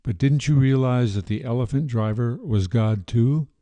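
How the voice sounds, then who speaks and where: A man as a calm, patient old teacher. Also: medium pitch, normal speed, no room sound, dull audio, close to an everyday voice. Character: patient older male spiritual teacher.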